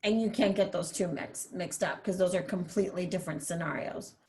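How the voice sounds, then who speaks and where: A woman's voice: on the low side, a little fast, darkish tone. A woman TV news reporter speaking as a guest, giving candid, chatty advice to students over a video call, with many fillers. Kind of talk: casual advice talk to students.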